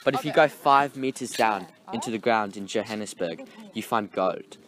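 A man's voice: fairly low pitch, moderate pace, a crowd in the background, close to an everyday voice. A man playing a brash, crude young South African man in an improvised comedy skit, swearing often and ending his sentences with "man". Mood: boisterous. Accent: mock South African.

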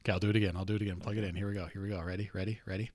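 A man hosting a podcast, running a whisper-guessing game with a guest in casual chat, playful and quick to laugh, often repeating himself. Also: low-pitched, level tone, a little mellow, no room sound. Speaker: podcast host. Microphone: studio mic, close.

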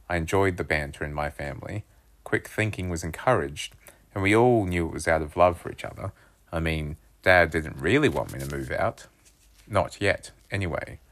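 A man reading a children's chapter book aloud, telling it in a lively first-person voice. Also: sits low, normal speed. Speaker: storybook reader.

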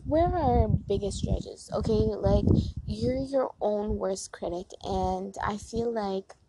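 A woman's voice: medium pitch, slow pace, mellow, low-quality recording. A woman talks through positive affirmations in a casual, chatty way, full of "like" fillers. She repeats each affirmation several times. Faint wind noise sits behind her voice. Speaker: host reading affirmations. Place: outdoors on a porch.

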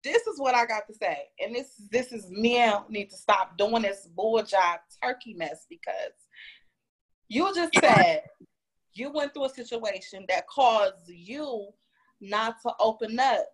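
A woman's voice: a little high, animated, unhurried. A woman guest on a podcast talking in a blunt, teasing way and pressing hard for yes-or-no answers. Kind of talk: casual podcast debate.

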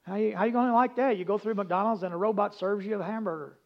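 A man preaching a folksy, humorous sermon, rambling into stories and dropping from loud emphasis to hushed asides. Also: high voice, fast talker. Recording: dull lo-fi recording.

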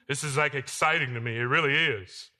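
A male pastor preaching a sermon in a church, swinging between loud emphatic lines and quiet asides. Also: medium pitch, a little fast. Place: church sanctuary.

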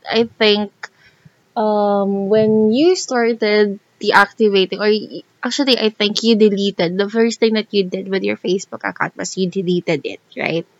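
A woman's voice: medium pitch, fairly even intonation, measured pace, no echo. A young woman with a Filipino accent talks casually, probing her co-host with questions and often trailing off. Her voice is dry and close, with no room sound. The recording is muffled and lo-fi. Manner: questioning, draws her partner out, trails off mid-sentence. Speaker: podcast co-host. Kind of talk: casual conversation.

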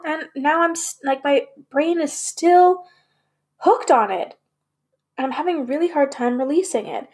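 A woman talks candidly to camera for her viewers, questioning herself and swearing now and then. Her high-pitched voice is expressive and moves at a moderate pace.

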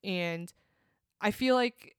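A young woman with a smooth, clear voice talks through a show in casual chat. She is thoughtful and pads her sentences with fillers. The recording is dry and close. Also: medium pitch, takes it slowly, no room sound. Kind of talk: casual chat reviewing a TV drama.

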